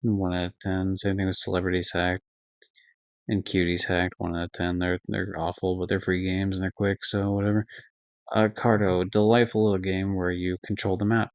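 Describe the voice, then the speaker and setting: A man's voice: sits low, no room sound. A young man streaming live, rambling casually through game ratings with lots of fillers, swearing and self-corrections. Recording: dull lo-fi dry stream audio.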